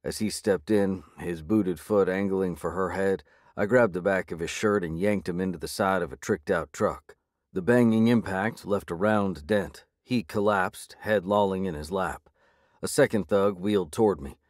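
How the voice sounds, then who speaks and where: A man reading a first-person audiobook in a measured, gritty way. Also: deep voice, no echo, studio quality. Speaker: audiobook narrator.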